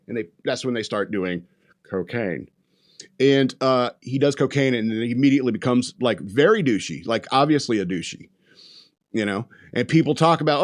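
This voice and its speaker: A man's voice: mid-range voice, a little fast. A man hosting a podcast, casually retelling a movie in a rambling way, laughing often and acting out quotes. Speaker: podcast host. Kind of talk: casual movie review rant.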